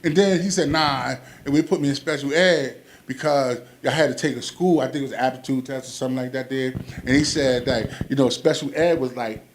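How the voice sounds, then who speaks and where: A man's voice: mid-range voice, steady tone, fairly quick, few pauses, slight background noise. A man doing a stand-up comedy set, telling stories animatedly and acting out quoted voices.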